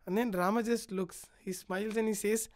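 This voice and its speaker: A woman's voice: mid-range voice, fairly even intonation, a little fast. A woman on a podcast retelling an epic story in casual chat, acting out the quoted lines and filling her talk with "like". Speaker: podcast guest.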